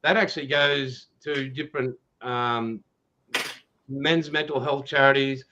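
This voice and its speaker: A man's voice: medium pitch, steady tone, measured pace, noisy background. Chummy Australian man over a dull line. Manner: laid-back and chummy, calls people mate, fills with um. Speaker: guest, YouTube scale-model channel host. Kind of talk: casual chat on a livestream.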